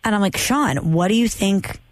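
Lively woman telling a travel story. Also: mid-range voice, moderate pace, no room sound. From United States. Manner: animated storyteller, acts out quotes. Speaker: podcast co-host. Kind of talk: casual chat.

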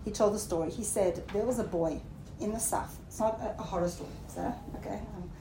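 A woman's voice: fairly quick, dark tone. A woman giving a Torah lecture, mixing Hebrew terms into English and often checking in with her listeners. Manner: rising emphatic pitch when stressing points. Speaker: Torah teacher. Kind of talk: lecture to a class. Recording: roomy echo, faint background noise.

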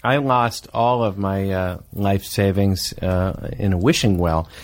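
A man's voice: low-pitched, steady tone, measured pace, slight background noise. A man co-hosting a comedy podcast, chatting playfully and hesitantly with many restarts. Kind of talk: casual comedic banter.

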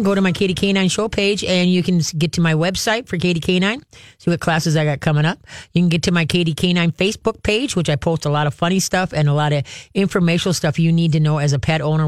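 A woman hosting a call-in pet advice radio show, giving direct, animated advice. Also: fairly low pitch, quick pace, no room sound. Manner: direct, animated, acts out cheerful praise voices.

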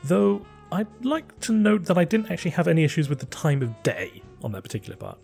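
A man hosting a podcast in casual chat, animated and joking. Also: fairly high pitch, quick pace, gravelly, faint music behind. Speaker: podcast host.

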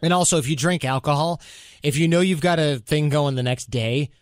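A male podcast host talking casually, handing out advice in an animated way and acting out quotes. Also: fairly high pitch, brisk, dry recording, clean studio sound. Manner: animated, advice-giving, mock-quoting himself.

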